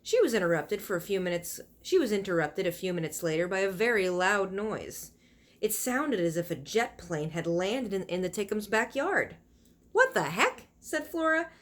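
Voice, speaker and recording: A woman's voice: mid-range voice, lively intonation, moderate pace. A woman reading a children's novel aloud, stopping for chatty asides that explain the pictures and fonts. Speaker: reader of a children's book.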